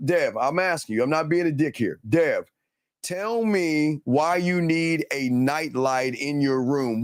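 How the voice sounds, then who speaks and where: A man's voice: on the high side, dry recording, studio quality. A man hosting a show, giving heated, blunt and profane commentary in a ranting, repetitive way. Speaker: host.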